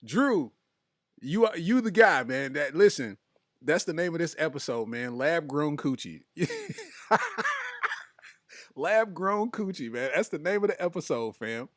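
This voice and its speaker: A man's voice: on the high side, expressive, moderate pace, no room sound, studio quality. A man hosting a comedy podcast, reading his live chat aloud in loose, slangy talk and breaking into laughter often.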